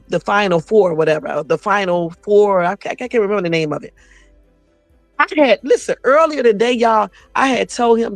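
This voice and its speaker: A woman's voice: medium pitch, no room sound. A woman hosting a casual livestream on her phone, telling stories in a blunt, sassy, profane way. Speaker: YouTube livestream host.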